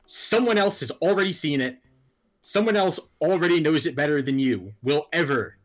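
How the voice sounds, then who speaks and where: A man chatting casually about anime, jokey and argumentative, swearing often. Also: on the high side. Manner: animated, jokey, swearing, quick to argue.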